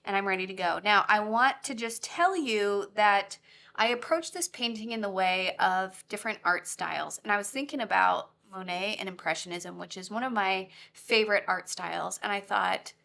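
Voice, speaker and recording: A woman's voice: medium pitch, normal speed, creaky, sharp tone. A woman teaching a watercolor lesson in a bubbly, giggly, grateful way. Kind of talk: friendly tutorial instruction.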